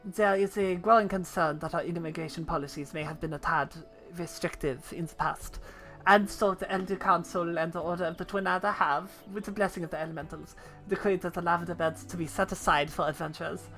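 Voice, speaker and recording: A woman's voice: on the low side, steady tone, fairly quick, fairly bright tone, soft background music. A woman reading the lines of a formal game official who speaks in stiff, official phrasing. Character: formal official explaining a land auction.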